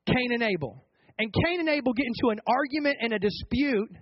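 Speaking at an extremely high pitch, this man sounds animated and talks a little fast, with no room sound and the highs cut off. He's a pastor delivering a sermon in a colloquial, chatty style, restarting his words often and prompting the congregation for replies.

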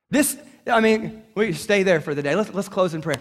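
Pastor, man, high-pitched, animated preacher with call-and-response, reverberant sanctuary. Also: moderate pace, hardly any pauses. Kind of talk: sermon. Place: church sanctuary.

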